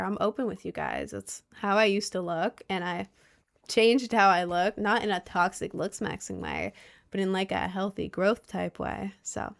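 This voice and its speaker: Young woman, casual vlogger, animated storyteller, mid-pitched voice. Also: creaky. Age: young adult, about 20. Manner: chatty, animated storytelling, mocking quoted voices. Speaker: content creator. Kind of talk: casual chat to viewers.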